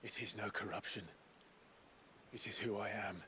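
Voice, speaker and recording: Defiant game hero. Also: male voice, on the low side, fairly even intonation, moderate pace, pushed and bright, slight background noise. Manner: firm, resolute. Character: defiant grown man standing his ground. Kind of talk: video game voice acting.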